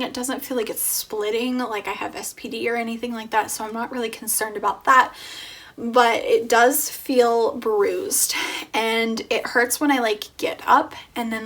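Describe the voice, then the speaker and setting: A young woman talking casually in a pregnancy vlog, chatty and full of "like", with soft breathy asides. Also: on the high side. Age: young adult. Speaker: vlogger.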